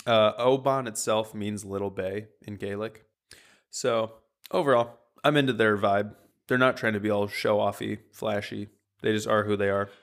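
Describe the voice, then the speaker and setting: A man presenting a topic on a casual podcast, relaxed and rambling with lots of fillers. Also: lowish voice, normal speed. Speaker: podcast co-host presenting a whisky distillery.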